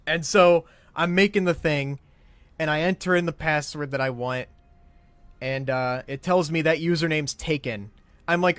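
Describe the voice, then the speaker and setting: A man telling a comic story as a profane, exasperated rant that swings between loud outbursts and muttered asides. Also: on the high side, expressive, normal speed, dry recording. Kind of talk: comedic ranting story.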